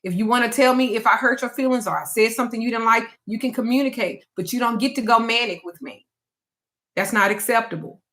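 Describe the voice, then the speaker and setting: A woman quoting her husband as a calm, firm man who speaks in a slow, stern and measured way. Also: on the high side, close to an everyday voice.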